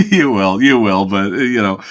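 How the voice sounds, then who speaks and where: A man co-hosting a casual podcast chat, upbeat and quick to laugh, often restarting his sentences. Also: on the low side, a little hiss or hum. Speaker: podcast co-host.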